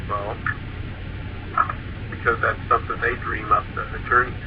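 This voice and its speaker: A man's voice: lowish voice, little pitch movement, normal speed, creaky. A man hosting a casual conversation, who speaks hesitantly and with many fillers. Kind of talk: casual interview chat. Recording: dull lo-fi audio with noise.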